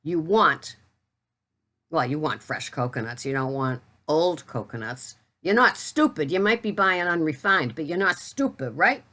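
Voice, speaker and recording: A middle-aged woman with a Boston accent talks casually to her viewers about groceries. Her voice sits low. She is chatty and blunt, with a teasing edge. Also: expressive, a little slow, pushed and bright. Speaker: keto vlogger. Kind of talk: casual product talk to camera.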